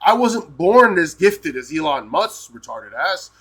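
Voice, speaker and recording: Heated and profane, an American man on a live stream constantly adds "right?" to his points. His voice is a little high and sing-song, fairly bright with a breathy edge, and he keeps a measured pace.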